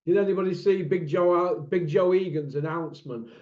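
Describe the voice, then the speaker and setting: A man's voice: high-pitched, normal speed, darkish tone. A man hosting a boxing talk channel, blunt and mocking, asking rhetorical questions in a casual monologue. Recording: echoey room, dull lo-fi sound.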